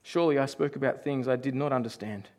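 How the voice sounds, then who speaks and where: A young man preaching a sermon, animated, acting out quotes and going soft and slow when he reads scripture. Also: mid-range voice. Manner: animated, acts out quotes with sudden shouts. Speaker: pastor.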